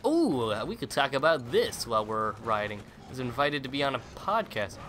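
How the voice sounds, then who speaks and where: A young man hosting a let's play, giving playful, joking commentary with sudden loud outbursts as he plays. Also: mid-range voice, sing-song, a little fast, a little hiss or hum. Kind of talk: gameplay commentary.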